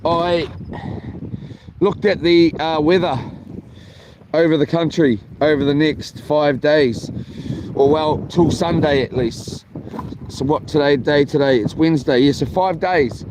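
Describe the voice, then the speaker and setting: A man rambles through a casual camping-vlog story, often stopping and restarting his sentences. His voice sits a little high for a man. Faint outdoor noise runs underneath. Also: measured pace, long pauses. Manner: chatty, meandering, frequent ums and restarts. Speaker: vlogger. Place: camping, near a boat on water.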